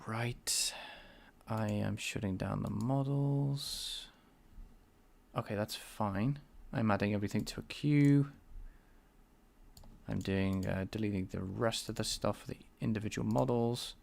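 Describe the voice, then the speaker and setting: A man's voice: lowish voice, a little slow, gravelly, pauses often, a little mellow. A man streaming his game programming, casually thinking aloud and hesitating, repeating himself as he works. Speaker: game developer livestreaming.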